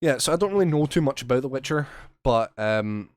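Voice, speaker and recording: A man's voice: mid-range voice, animated, a little fast, dry recording, clean studio sound. A Scottish man co-hosting a podcast, swearing and joking as he reads out odd news stories in casual chat. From Scotland. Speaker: podcast co-host.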